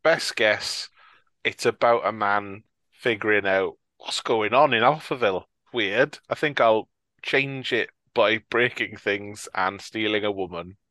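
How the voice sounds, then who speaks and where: A man's voice: on the low side, unhurried, pushed and bright, no echo. A man hosting a film podcast in casual chat, jokey and self-mocking, laughing often. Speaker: podcast host.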